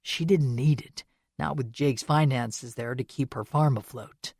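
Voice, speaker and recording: A woman voicing a remorseful, guilt-ridden young man in an audiobook, speaking low, hushed and pained. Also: fairly even intonation, unhurried, vocal fry, husky, no echo, exaggerated voice. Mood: anguished. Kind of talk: audiobook character reading.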